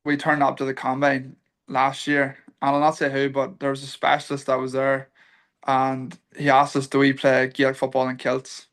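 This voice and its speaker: A man's voice: medium pitch, completely flat delivery, normal speed, a bit bright. A young Irish man, a guest on a podcast, telling stories in an easygoing way with many restarts. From Ireland. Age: young adult. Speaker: guest, football kicker. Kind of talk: casual podcast interview.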